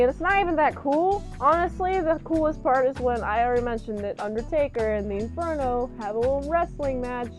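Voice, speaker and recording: A high-voiced woman reviews a movie in an energetic, jokey style. She keeps riffing with animated enthusiasm. Faint music plays behind her.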